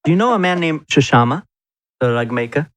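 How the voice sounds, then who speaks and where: A man's voice: on the high side, animated, brisk, fairly bright tone. A man playing a tabletop game who talks in a playful, chatty way. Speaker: player. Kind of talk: casual tabletop game chat.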